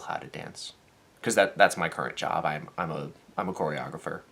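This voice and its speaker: A young man talking casually in a vlog, acting out the people in his story with a lively, animated delivery, and turning soft and earnest when the talk gets serious. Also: a bass voice, moderate pace, vocal fry. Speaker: vlogger and dance teacher.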